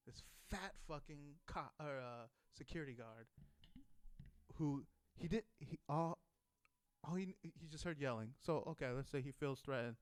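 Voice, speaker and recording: A man's voice: mid-range voice, clear, resonant tone, dry recording. A man in his thirties, a former Marine, telling a casual, profane story and acting out heated quotes. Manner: swears constantly, acts out shouted quotes.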